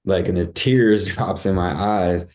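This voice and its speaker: A man's voice: low voice, steady tone, unhurried, a little mellow. A man guest on a podcast, telling a personal story in casual talk, acting out his own cries and thoughts and saying "dude" and "like" a lot.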